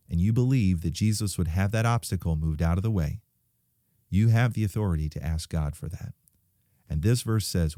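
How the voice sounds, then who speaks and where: Male preacher, low dark voice, earnest and urging, dry close sound. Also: no room sound. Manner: earnest, urging, with storytelling and sudden quiet drops. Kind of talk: sermon to young people.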